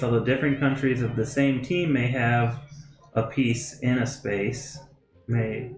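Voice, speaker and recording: Man reading board game rules, roomy echo. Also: mid-range voice. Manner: playful, grumbles at rules, reads rulebook text aloud. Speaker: stream co-host playing a board game. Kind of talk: casual live-stream chat and reading rules aloud. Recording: roomy echo with music behind. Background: music.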